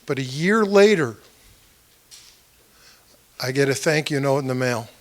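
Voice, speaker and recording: A man's voice: medium pitch, expressive, unhurried. A man running for office, giving a conversational campaign speech at a small meeting and telling stories that act out what people said. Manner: conversational storytelling, acting out quoted dialogue; addresses the audience directly with questions. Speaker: political candidate. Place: meeting room with about 30 people.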